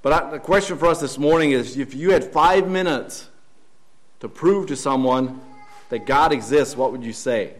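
Earnest preacher, halting and questioning. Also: male voice, medium pitch. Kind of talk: Sunday morning sermon. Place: church.

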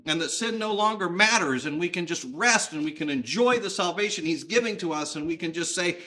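A man's voice: high voice, expressive, brisk, sharp tone, pitched above the performer's own voice. A preacher voicing an earnest, weary male convert.

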